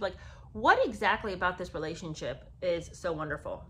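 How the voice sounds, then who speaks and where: A woman's voice: fairly low pitch, animated, fairly quick, pushed and bright, slight background noise. A woman giving sarcastic, exasperated commentary on a memoir, talking in a chatty way to her viewers. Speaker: book commentary host.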